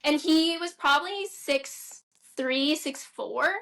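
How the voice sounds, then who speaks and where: Woman, 20s, podcast guest, blunt, swears freely, high-pitched, crisp bright tone. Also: slow. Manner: blunt, profane storyteller. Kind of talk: casual podcast chat.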